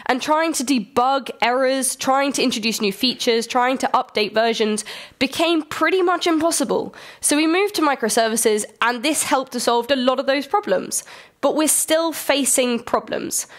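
A young adult woman with a cold and a slightly nasal voice, giving a friendly conference presentation with light jokes. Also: on the high side. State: has a cold. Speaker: conference speaker. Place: conference hall.

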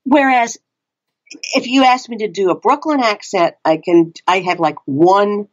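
Animated Texan woman, lo-fi. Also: measured pace. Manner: animated, restarts often, frequent pitch swings. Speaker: audiobook narrator and guest. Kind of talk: casual interview chat.

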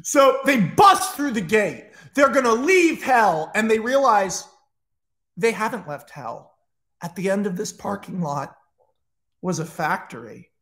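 Excitable guy narrating a movie pitch, swears a lot, high voice. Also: a little slow. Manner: excitable, profane and enthusiastic. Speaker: storyteller retelling a film pitch. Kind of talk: animated comic retelling.

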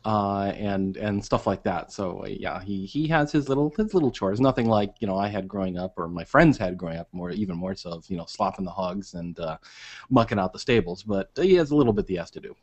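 A man's voice: low-pitched, animated, brisk, a little mellow. A middle-aged man co-hosting a casual live web show, joking and self-deprecating. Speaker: co-host.

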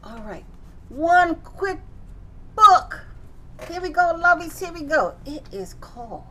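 A woman's voice: very high-pitched, sing-song, takes it slowly, pushed and bright, a little hiss or hum. A woman teaching circle time to young children, singing nursery songs and reading a picture book with playful animal sounds. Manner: playful, sing-song, animal sounds and big exclamations.

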